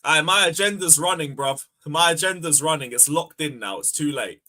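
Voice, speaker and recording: A young man hosting a fan livestream, bantering loudly, swearing and taunting viewers. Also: on the high side, moderate pace. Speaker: fan channel host. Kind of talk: casual livestream chat.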